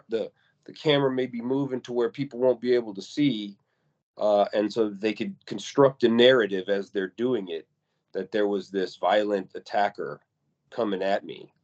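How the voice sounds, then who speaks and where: Man, low voice, animated casual podcast talk, acts out quotes, slightly dull lo-fi sound. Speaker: podcast co-host.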